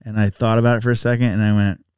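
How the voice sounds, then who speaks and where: A man's voice: lowish voice, racing, smooth, no room sound, studio quality. A man guest on a podcast, telling a casual story and acting out the other people's voices. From Texas. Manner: animated, acts out voices in anecdotes. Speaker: podcast guest, bike rider.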